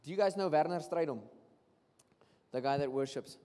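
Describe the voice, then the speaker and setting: This sermon comes from a man with a South African accent whose voice is on the high side, at a moderate pace. Recorded with long reverb in a church hall, he switches between English and Afrikaans and tells stories animatedly, acting out what people say.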